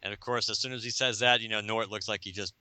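A man's voice: on the low side, fast, clean tone, no room sound. A man hosting a podcast, casually recapping a comic book with frequent laughs and acted-out lines. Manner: animated, laughing, acting out scenes. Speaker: podcast host.

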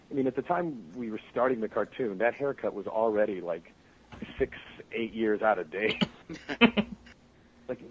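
A man who works as a voice actor, telling stories animatedly with frequent laughs in a casual interview. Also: mid-range voice. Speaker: voice actor guest. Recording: muffled podcast audio with faint noise.

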